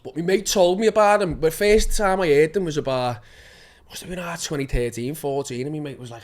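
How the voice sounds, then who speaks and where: A man's voice: a little high, a little fast. A young man, a guest actor talking casually, rambling, swearing often and laughing as he goes. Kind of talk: casual chat.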